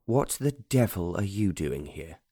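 A man voicing a petulant young gentleman who talks in a sulky, awkward, dismissive way in an audiobook. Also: medium pitch, lively intonation, a little slow, dry recording, studio quality. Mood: irritated. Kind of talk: audiobook narration.

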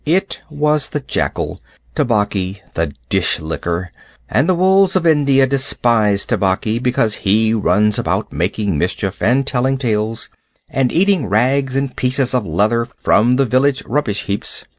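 A man narrating a classic animal story aloud in a measured, expressive storytelling manner. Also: mid-range voice, no echo, clean studio sound. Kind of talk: storybook reading.

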